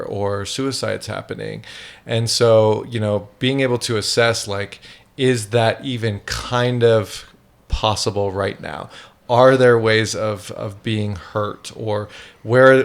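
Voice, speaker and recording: A man's voice: on the low side, creaky. A man hosting a podcast conversation, asking questions and thinking aloud.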